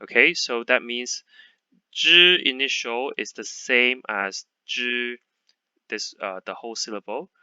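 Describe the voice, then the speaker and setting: Slow, patient male language teacher. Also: medium pitch, pushed and bright, smooth, no room sound, dull audio. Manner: patient, repeats sounds slowly for learners. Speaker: Chinese teacher. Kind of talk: online language lesson.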